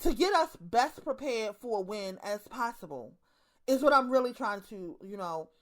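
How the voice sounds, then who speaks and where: Woman, 30s, Baltimore accent, slightly high voice, blunt, profane monologue with lots of repetition. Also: animated, moderate pace, a bit bright. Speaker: online commentator. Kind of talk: casual monologue to camera.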